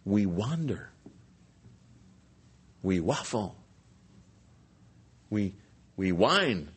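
A male preacher delivers an animated sermon, retelling scripture and stopping for playful asides. His voice is a little husky, and his pitch swings freely as he builds up each point. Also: very slow. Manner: animated storytelling, frequent restarts and humor. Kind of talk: expository sermon.

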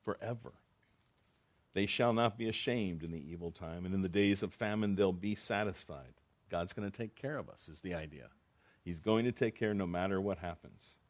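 A very low-voiced man preaching through scripture verse by verse. His talk is loose and conversational, with repeated phrases and restarts as he explains each line. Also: fairly quick. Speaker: pastor. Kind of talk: verse-by-verse Bible teaching.

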